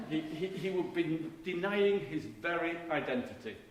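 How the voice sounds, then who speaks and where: A middle-aged marketing professor gives a keynote at a conference hall in an expressive voice on the high side, at normal speed. He speaks in an emphatic, conversational style and keeps restarting his phrasing. Echo from the hall and faint background noise are audible.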